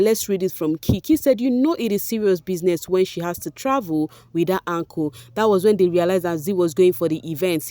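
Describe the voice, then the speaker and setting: A woman's voice: on the low side, no room sound, studio quality. A woman with a Nigerian accent hosting a chatty gossip vlog, talking straight to her viewers. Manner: chatty, animated, addresses viewers as guys. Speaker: vlog host. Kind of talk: casual gossip commentary reading fan posts.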